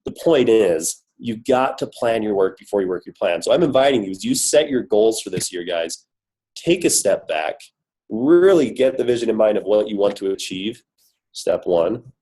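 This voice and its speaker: A man's voice: lowish voice, animated, normal speed, warm tone, low-quality recording. Man with a cold giving a pep talk. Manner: upbeat, emphatic, full of rhetorical questions. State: has a cold, voice worn. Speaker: corporate guest speaker on a team call. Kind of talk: motivational coaching talk.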